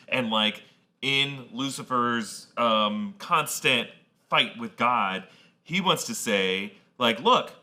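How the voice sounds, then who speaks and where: Bright-voiced man musing on a podcast. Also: medium pitch. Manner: thoughtful, rambling with fillers. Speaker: podcast co-host. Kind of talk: casual chat.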